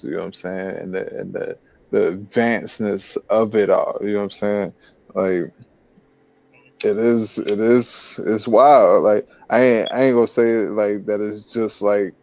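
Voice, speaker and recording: A man in casual chat, rambling and leaning on "you know what I'm saying" after nearly every phrase, with a gravelly voice. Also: on the low side, a little mellow, no echo. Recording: dull, lo-fi, dry sound.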